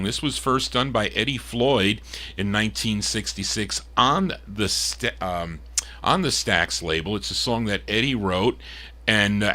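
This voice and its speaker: A man hosting a live record show, chatting between songs and pausing on fillers as he gives details. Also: lowish voice, pushed and bright. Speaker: radio-style record show host.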